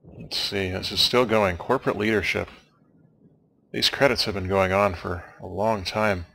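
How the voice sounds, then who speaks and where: Low, gravelly man rambling over credits. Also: steady tone, normal speed, sharp tone, a little hiss or hum. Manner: wry, dry jokes, meandering asides. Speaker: let's play commentator. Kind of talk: casual rambling commentary over game credits.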